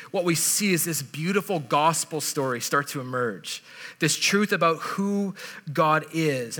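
Man, pastor, casual storytelling sermon, highish voice, long hall reverb. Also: sharp tone.

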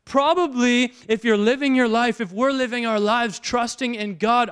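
A pastor delivers his sermon in a high, resonant voice. He keeps it conversational, turning to the listeners again and again with rhetorical questions. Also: fairly bright tone, clear, resonant tone.

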